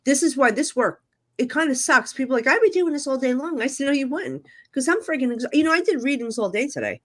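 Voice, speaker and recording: A woman's voice: high voice, very animated, fast. A middle-aged woman, a psychic medium guest, telling emotional stories candidly in casual chat. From New Jersey. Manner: candid, emotional storytelling with frequent fillers.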